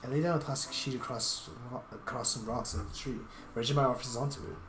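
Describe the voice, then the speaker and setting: A man's voice: medium pitch, steady tone, quick pace, background noise. A man streaming a story game, reading its first-person narration aloud in an earnest, reflective way with small restarts. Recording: roomy echo with game music.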